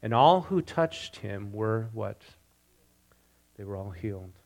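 Animated male pastor preaching. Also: on the low side, slow pace, gravelly. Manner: animated, rising loud on quoted lines, asks congregation questions. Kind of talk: sermon with scripture reading.

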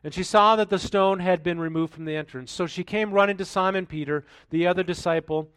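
A male pastor giving a sermon, reading scripture aloud and then commenting in a relaxed, conversational way with rhetorical questions. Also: high-pitched, fairly quick, smooth, no echo.

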